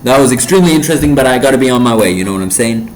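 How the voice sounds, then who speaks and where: A man chats casually over a video game in his own mid-pitched voice, tossing out offhand remarks and the odd swear word. Faint noise hisses in the background. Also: expressive, racing. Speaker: let's play gamer. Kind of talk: casual gameplay commentary.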